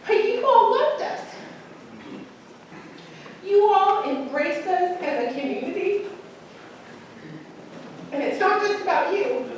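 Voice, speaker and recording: A woman from Utah giving a casual, humorous farewell speech to a church gathering, animated and self-mocking, laughing often. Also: very high-pitched, slow pace, pauses often. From Utah, United States. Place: church hall in front of a gathering. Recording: echoey hall, distant mic, faint hiss.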